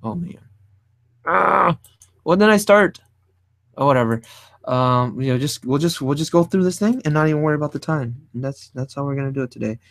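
A man's voice: fairly high pitch, animated, brisk, gravelly, fairly bright tone, no echo. A man hosting a casual live drawing tutorial, rambling and thinking aloud as he sketches, adding playful sound effects. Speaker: art stream host.

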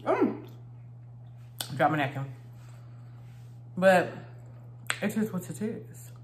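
Woman talking while she eats, lots of laughing, low-ish voice, echoey room, phone mic. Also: sing-song, slow, slight background noise. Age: adult, married. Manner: chatty, laughs often, talks while eating. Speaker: vlogger. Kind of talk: casual mukbang chat.

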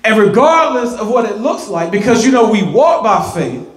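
A pastor preaching a sermon in a church, animated, repeating words and building to emphatic, rising peaks. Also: male voice, sits high, moderate pace. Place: church sanctuary. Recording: echoey church sanctuary.

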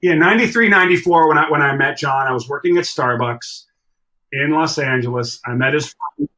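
A middle-aged man telling a story as a podcast guest, animated and swearing freely as he acts out other people's lines. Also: on the high side, a little fast, low-quality recording. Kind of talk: casual storytelling.

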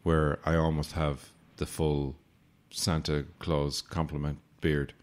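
A podcast host, a man in his late twenties or thirties, tells casual stories in a monologue, wry and sarcastic with mock-formal asides. His voice is extremely low, level in tone, slow, and somewhat dark.

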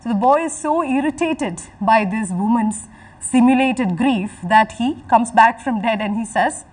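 A woman giving a literature lecture, explaining slowly and repeating her phrases, and acting out lines from the text. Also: a little high, a little mellow, slightly rough, distant mic, poor audio. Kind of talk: recorded lecture.

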